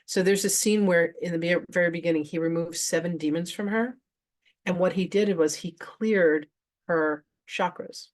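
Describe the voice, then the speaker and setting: A woman's voice: lowish voice, steady tone, moderate pace. A woman who works as a spiritual teacher, telling a personal story to a live audience in a chatty, casual way and acting out her own past reactions. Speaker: spiritual teacher and trance channel.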